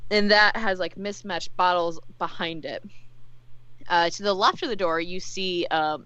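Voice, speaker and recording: A woman's voice: medium pitch, bright, forceful tone, dry recording. A woman running a tabletop game as game master, describing scenes in loose narration with many fillers. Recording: dull lo-fi dry sound.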